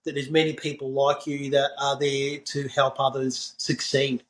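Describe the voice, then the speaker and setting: A man hosting a podcast, talking warmly and effusively and heaping praise on his guest. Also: mid-range voice, flat delivery, normal speed, low-quality recording. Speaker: podcast host. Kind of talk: podcast interview chat.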